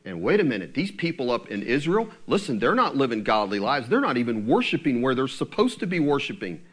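A man preaching a conversational sermon, asking his listeners questions and slowing down into a low, solemn tone when he reads scripture. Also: big pitch swings. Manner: drops to a low, slow tone for scripture.

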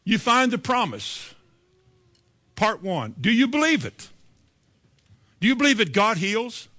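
Brief: male pastor, fairly high voice, sermon delivery, rhetorical questions, voices doubters' replies. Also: sing-song, measured pace, bright, forceful tone.

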